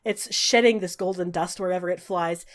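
A woman running a tabletop game, narrating scenes in a descriptive, unhurried way with frequent hesitations. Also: fairly low pitch, fairly even intonation. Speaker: game master.

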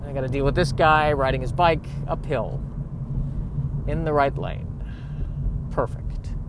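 A man's voice: mid-range voice, moderate pace, background noise. A man hosting a podcast, talking casually to himself while driving, rambling and joking at his own expense. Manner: self-deprecating, joking, rambling. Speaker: podcast host. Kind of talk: casual monologue.

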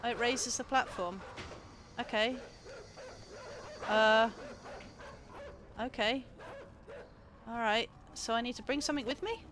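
A woman streaming a game late at night from home, excitable, giggly and sweary as she commentates. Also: a little high, takes it slowly, pauses often, slight background noise. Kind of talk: live gameplay commentary.

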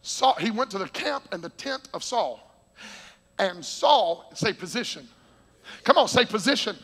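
A male preacher with a very high, bright voice, raspy and gravelly, who swings between fervent shouts and quiet storytelling. He preaches in a church sanctuary, and a long reverb rings after each phrase. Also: measured pace. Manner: shouting, excitable, and laughing between points. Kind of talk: Pentecostal sermon.

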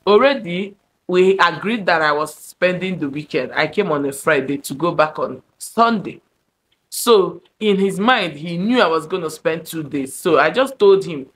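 A young woman with a Nigerian accent, telling a personal story to camera in an animated, dramatic way. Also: fairly low pitch, moderate pace, slight background noise. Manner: animated, dramatic storyteller, shifting between loud and hushed. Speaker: vlogger. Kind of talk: storytime monologue.

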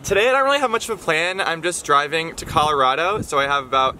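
A man in his twenties with a fairly high voice talks quickly and excitedly to a handheld camera while on a solo road trip, chatting away to himself. This casual travel vlog was recorded in a car and outdoors on rural roads, with car and outdoor noise audible.

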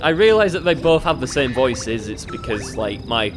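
A man rambles through his own gameplay commentary in a self-mocking, chatty way. His pitch jumps around with lots of life, from low mutters to sudden high bursts. Game music plays clearly behind him. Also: very animated, moderate pace, few pauses. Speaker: let's play host.

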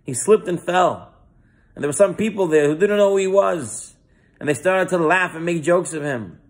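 A man's voice: sits high, moderate pace. A man, a rabbi, telling a moral story in a sermon, earnest and sprinkled with Hebrew terms.

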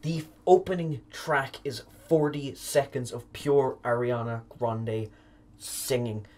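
A man's voice: mid-range voice, slow, a little mellow. A young man giving a casual spoken album review, candid and opinionated, with the occasional swear word.

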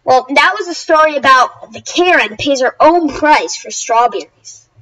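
A woman's voice: high-pitched, animated, normal speed, a bit bright, poor audio. A woman telling a story to her viewers in a casual, rambling way, often restarting and correcting herself. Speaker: YouTuber.

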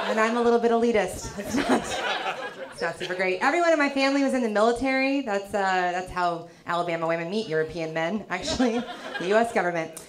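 A woman from the South, performing a stand-up comedy set with a dry, teasing delivery and quick punchlines. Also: mid-range voice. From American South. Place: comedy club stage. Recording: live club with loud crowd laughter. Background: audience laughter.

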